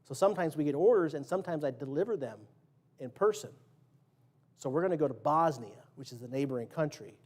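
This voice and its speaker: A man's voice: on the high side, lively intonation, fairly quick, darkish tone. A man preaching a sermon in a church, casual and joking, quizzing the congregation and acting out quotes. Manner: acts out quotes and sound effects. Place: church sanctuary.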